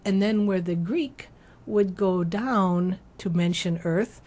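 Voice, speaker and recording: A woman's voice: medium pitch, a little slow, a little mellow. A woman composer and translator of church chant, explaining her method carefully in an interview and stopping now and then to sing short chanted phrases. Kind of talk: explanatory interview talk with sung examples.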